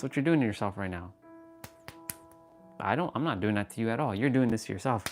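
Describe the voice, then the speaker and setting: A man with a low-pitched voice chats casually on a fitness livestream. His self-help talk is frank and full of swearing and restarts. Faint music plays in the background. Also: animated, a little fast, long pauses.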